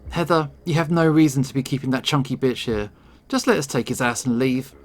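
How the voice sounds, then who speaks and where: A man's voice: medium pitch, fairly quick, soft background music, close to an everyday voice. A man voicing a wounded young male bat in a visual novel, hissing and swearing. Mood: hissing angry. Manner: hissing, profane.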